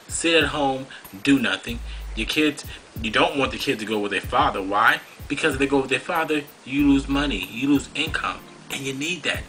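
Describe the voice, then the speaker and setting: A man's voice: mid-range voice, pushed and bright, low-quality recording. Scolding male talk show host. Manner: preachy, scolding, rhetorical questions. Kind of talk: monologue commentary.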